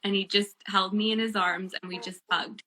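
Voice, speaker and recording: Woman guest telling her story, bright voice, earnest, animated, lots of fillers. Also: medium pitch, moderate pace, slight background noise. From Canada. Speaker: guest, bereaved mother and author. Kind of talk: casual storytelling chat.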